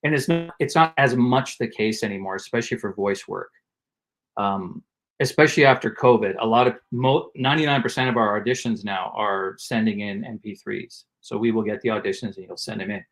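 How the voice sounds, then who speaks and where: A man guesting on a podcast, telling animated stories and acting out quotes from his work as a performer. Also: fairly low pitch, a little fast. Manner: animated anecdote teller who acts out quotes. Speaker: guest actor, comedian and voice actor. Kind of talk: casual interview storytelling.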